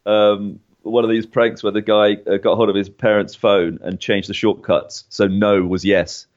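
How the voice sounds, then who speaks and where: A man's voice: lowish voice, level tone, moderate pace. A man co-hosting a podcast, chatting casually about tech, laughing often and restarting sentences. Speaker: podcast co-host. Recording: slightly dull lo-fi sound.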